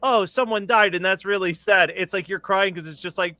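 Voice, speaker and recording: Bright-voiced chatty man, laughing often. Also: sits high, normal speed, hardly any pauses, no echo. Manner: chatty and laughing, self-deprecating storyteller. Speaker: podcast producer and panelist. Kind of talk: casual panel chat on a livestream.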